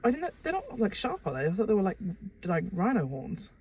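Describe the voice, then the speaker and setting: Giggly young woman with a lively voice. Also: medium pitch, quick pace, husky. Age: young adult. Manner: giggly, playful, excitable. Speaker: podcast co-host. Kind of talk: casual chat.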